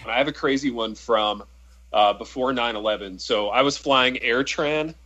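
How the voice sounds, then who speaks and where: A man co-hosting a casual podcast chat, telling a long travel story in a relaxed, rambling way with lots of fillers. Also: medium pitch, moderate pace, dull audio. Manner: laid-back, rambling anecdote telling with fillers. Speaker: podcast co-host.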